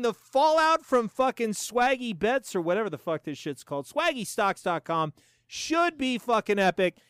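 A man's voice: high-pitched, clear, resonant tone, dry recording, studio quality. A man in his forties hosting a profane, sarcastic commentary show, ranting with lots of swearing. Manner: animated, sarcastic, swears a lot. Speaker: show host.

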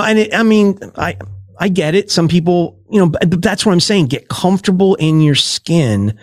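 Male podcaster guest, emphatic, a bit high-pitched, dry close mic. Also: lively intonation, moderate pace, dry recording. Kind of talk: casual interview chat.

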